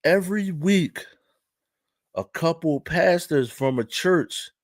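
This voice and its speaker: A man doing an impression of an excited male parking-lot attendant with an African accent, drawing out his words with emphasis. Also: on the high side, slow, no room sound, studio quality, voice pushed up. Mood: excited gossip.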